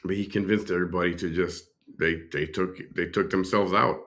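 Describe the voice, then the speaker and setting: A man's voice: low-pitched, fairly even intonation, fairly quick, fairly bright tone. A man hosting a reaction stream, rambling and thinking aloud as he speaks to his chat. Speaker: host. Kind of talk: casual reaction commentary.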